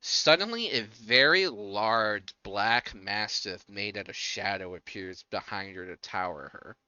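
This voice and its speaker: A man's voice: fairly low pitch, takes it slowly, bright, forceful tone, clean tone, no room sound. A man narrating a tabletop game as game master, describing scenes with hesitant fillers. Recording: dull lo-fi mic.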